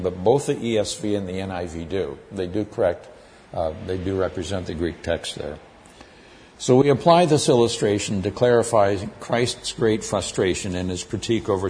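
Low-voiced guy preaching a bible study sermon, mellow, lots of uh pauses. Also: slight background noise. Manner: measured, explains terms, frequent "uh" pauses. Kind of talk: expository sermon.

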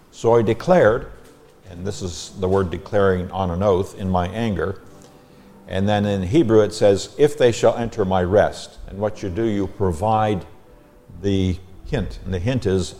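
Deep-voiced man teaching scripture. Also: darkish tone. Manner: measured, explanatory, emphatic when quoting verses. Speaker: Bible teacher.

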